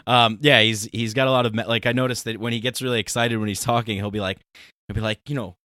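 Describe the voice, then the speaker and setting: A man's voice: mid-range voice, flat delivery, fast, pushed and bright, clear, resonant tone, no echo, studio quality. A man from the United States hosting an interview in a loose, filler-heavy way, often laughing. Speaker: podcast host. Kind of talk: casual interview talk.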